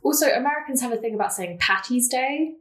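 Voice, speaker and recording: A woman's voice: on the high side, fast talker. Chatty young woman in a roomy room. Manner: chatty, laughs often, many fillers. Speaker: podcast guest. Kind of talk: casual storytelling chat. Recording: roomy echo.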